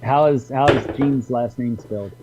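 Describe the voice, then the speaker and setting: A man's voice: medium pitch, normal speed, lo-fi sound, background noise. An older man from Texas with a Texan accent, an easygoing co-host chatting on a live stream. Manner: easygoing, laughs easily. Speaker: podcast co-host. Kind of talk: casual live-stream chat.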